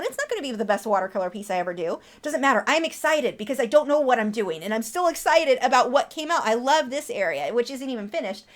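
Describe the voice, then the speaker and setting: A woman's voice: a little high, big pitch swings, fast talker, few pauses. A woman in her thirties, an artist chatting casually on her livestream, answering viewer questions and cooing at her pet bird.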